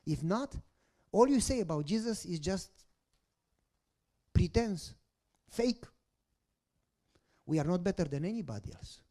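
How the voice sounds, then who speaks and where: Male pastor, dramatic storytelling sermon, very expressive pitch, hushed-to-loud delivery. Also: measured pace, long pauses. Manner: dramatic storytelling with rhetorical questions to the congregation; swings between soft hushed lines and loud bursts.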